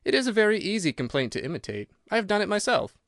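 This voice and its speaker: Cool, incisive detective, crisp and assured, a touch raised in pitch , voiced by a male reader; dry close sound. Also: big pitch swings, fast, fairly bright tone, dry recording, exaggerated voice. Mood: explaining. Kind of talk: audiobook character reading.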